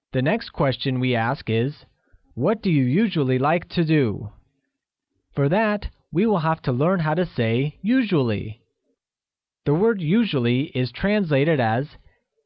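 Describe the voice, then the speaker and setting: A man's voice: on the high side, no echo, dull audio. A man narrating a scripted language lesson, carefully enunciating and explaining each word. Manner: slow, carefully enunciated teaching delivery. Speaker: language teacher.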